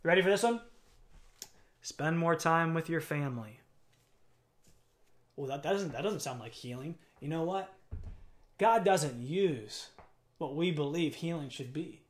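High-voiced pastor guy preaching, gets big and emphatic, lots of questions to the church. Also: animated, measured pace, pauses often. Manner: preaching with rising, emphatic build-ups and rhetorical questions. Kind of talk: sermon.

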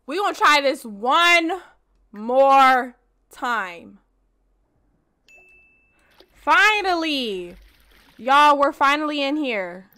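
A woman hosting a let's play, giving animated, casual gameplay commentary straight to her viewers and swearing freely. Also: high voice, takes it slowly, no room sound.

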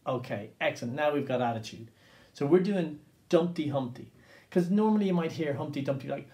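Counting beats out loud so the kids can copy him, an upbeat, coaxing man from Ireland runs an interactive children's percussion class as their drumming teacher. He speaks at a normal speed in a medium-pitched, darkish voice.

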